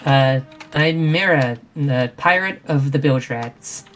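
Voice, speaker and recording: A woman voicing a proud young female fox-like pirate castaway, indignant and pleading, in a low voice. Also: slow pace, soft background music. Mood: defensive. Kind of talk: in-character roleplay.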